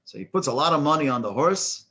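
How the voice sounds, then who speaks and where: Rabbi teaching, halting delivery. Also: male voice, fairly high pitch, lively intonation, fairly bright tone. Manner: halting, many restarts and fillers, chuckles at his own joke. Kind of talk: storytelling then lecture.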